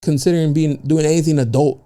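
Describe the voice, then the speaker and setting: A woman hosts a podcast in an easygoing, slangy manner. Her voice is very low for a woman, and its tone is dark and mellow. She fills her talk with casual fillers. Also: fairly even intonation, quick pace. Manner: laid-back, slangy, full of fillers. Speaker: podcast host. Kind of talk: casual chat.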